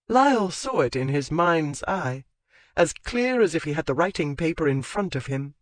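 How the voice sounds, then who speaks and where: An audiobook narrator reading a historical romance in an expressive, lilting way. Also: mid-range voice, normal speed, no room sound. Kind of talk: scripted narration.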